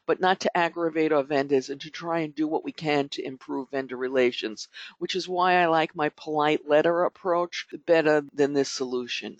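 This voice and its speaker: Middle-aged male podcast host, slightly high voice, rambling chatty delivery, dry dull lo-fi audio. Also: vocal fry, no echo. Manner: chatty, rambling, frequent fillers and restarts. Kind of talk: conversational podcast advice.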